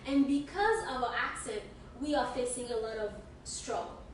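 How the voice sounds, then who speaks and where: A woman's voice: high voice, expressive, normal speed. A woman from Haiti co-hosting a casual podcast, welcoming listeners with many fillers and repeated phrases. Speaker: podcast co-host. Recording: echoey room, distant mic, faint hiss.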